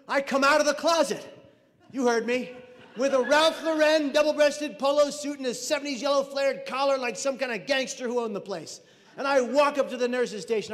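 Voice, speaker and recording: A man telling a personal story on stage as a mental health speaker, animated and loud at the punchlines. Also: very high-pitched. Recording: reverberant hall.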